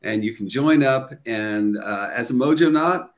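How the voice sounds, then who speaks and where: A middle-aged man hosts a relaxed livestream, talking straight to his viewers in a chatty, upbeat way. He greets people and reads comments aloud, with lots of ums and uhs between thoughts. His voice sits at an ordinary male pitch. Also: unhurried. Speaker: livestream host. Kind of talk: casual livestream chat.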